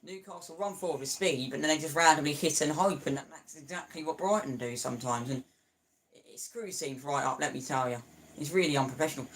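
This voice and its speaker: A man's voice: on the high side, fairly quick, a bit bright, slight background noise. A young man chatting through a live football match, opinionated, stumbling and restarting often. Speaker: football watchalong streamer. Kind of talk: casual live match commentary.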